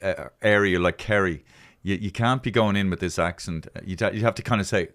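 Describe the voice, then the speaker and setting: Dublin host, lower voice, meandering banter, sweary and self-mocking. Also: male voice, fairly quick, fairly bright tone. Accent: Dublin Irish. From Dublin, Ireland. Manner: rambling, self-mocking, swears, many restarts. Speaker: podcast host. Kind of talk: casual chat.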